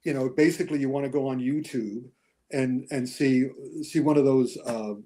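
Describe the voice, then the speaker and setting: A man chatting as a guest on a movie discussion show, animated and chuckling as he tells his opinions. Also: medium pitch, moderate pace. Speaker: guest film critic and author.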